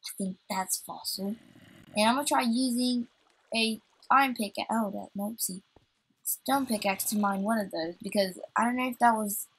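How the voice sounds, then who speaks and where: A woman's voice: on the high side, moderate pace, slightly rough, rough recording. A woman hosting a let's play, chatting to herself as she plays and getting easily startled. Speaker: gaming channel host.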